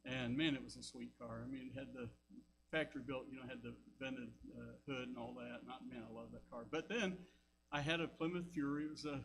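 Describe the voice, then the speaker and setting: Older Southern pastor telling folksy stories. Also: male voice, mid-range voice, steady tone, fairly quick, creaky, noisy background. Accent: Southern American. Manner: folksy storytelling with asides. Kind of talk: sermon. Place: church sanctuary.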